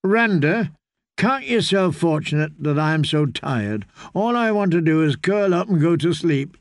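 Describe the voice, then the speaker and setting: A man's voice: fairly high pitch, big pitch swings, a little slow, no echo, pitched above the performer's own voice. A man voicing a drowsy, playful young noblewoman who teases her guest. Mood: sleepy teasing. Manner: playful, coquettish.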